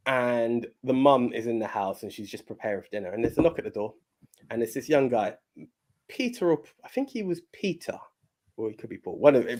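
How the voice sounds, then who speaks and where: A man's voice: medium pitch, darkish tone. A man co-hosting a podcast, retelling a film in casual chat with stammering repeats and casual swearing. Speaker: podcast co-host.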